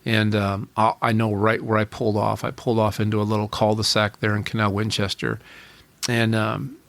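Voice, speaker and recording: A man's voice: on the low side, completely flat delivery, normal speed, vocal fry, a bit bright. A man in his forties, a podcast guest, telling a personal story in an earnest way, often repeating and restarting his phrases.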